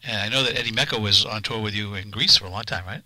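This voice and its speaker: Brief: male radio host, quick, dry close sound, lowish voice. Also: pushed and bright, no room sound, poor audio. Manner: brisk, reads listener questions. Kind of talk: radio interview.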